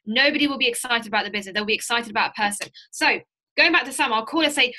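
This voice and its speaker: A high-pitched woman with a bright, forceful voice leads a sales training session. She talks with emphatic energy, repeating key lines to drive them home. She is heard over a video call. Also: very fast. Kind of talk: live training session with role-play.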